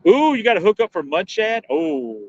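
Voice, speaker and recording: A man with a slightly high voice talks through a night of fishing, relaxed and rambling as he answers viewers. The sound is dull and lo-fi, with a dry, close feel. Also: moderate pace, dry recording. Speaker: fishing livestream host. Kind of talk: casual live-stream chat.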